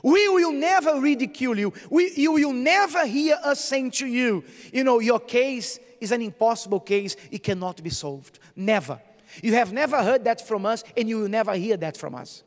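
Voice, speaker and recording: Male preacher, very high and lively pitch, call-and-response sermon in a long-reverb church hall. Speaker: bishop.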